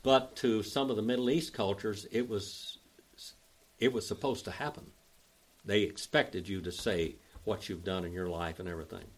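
An older man whose voice sits on the low side and keeps a steady tone teaches a Bible study in an Oklahoma Southern accent. He drawls folksily and spells out the Greek grammar at a slow pace.

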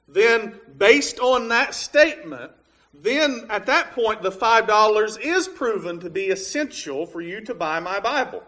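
In this Bible teaching sermon, a man with a high, bright, forceful voice and lively intonation works through a verse step by step without hurrying. His delivery is plain, full of "uh"s, fillers, and restarts.

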